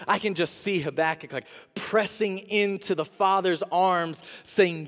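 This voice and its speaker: A man preaching a sermon, his slightly high voice carrying through a church sanctuary with a long reverb tail. He delivers it with animation, moving between quiet, low asides and raised, pleading lines when he voices the people in his text. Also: moderate pace, few pauses. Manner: animated preaching, acts out voices of God and the prophet. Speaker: interim pastor.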